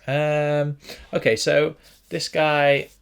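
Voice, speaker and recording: A man's voice: on the high side, completely flat delivery, very slow, vocal fry, clean tone. A young man hosting a casual writing tutorial, chatting and thinking aloud as he works through a form. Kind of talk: casual screen-recorded tutorial. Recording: faint background noise and typing clicks.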